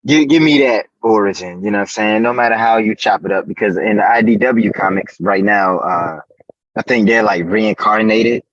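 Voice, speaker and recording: A man co-hosting a casual podcast chat, laid-back and slangy, getting animated as he talks. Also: fairly low pitch, moderate pace, no echo, lo-fi sound. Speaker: podcast co-host.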